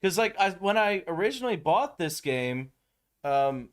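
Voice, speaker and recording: A young man chats casually on his live gaming stream, his fairly high voice leaping up and down as he talks. He is animated and swears freely. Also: moderate pace. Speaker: livestream host.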